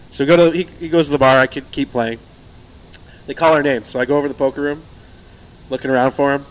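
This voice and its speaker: A man's voice: mid-range voice, fast talker. A man telling a long story among friends in casual chat, acting out the quotes, laughing often and swearing freely.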